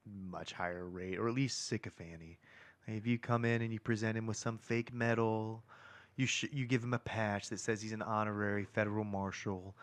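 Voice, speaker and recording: A man chatting on a podcast in a thoughtful, measured way, often stopping and restarting his sentences. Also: lowish voice, no echo. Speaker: podcast co-host. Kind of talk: casual podcast chat.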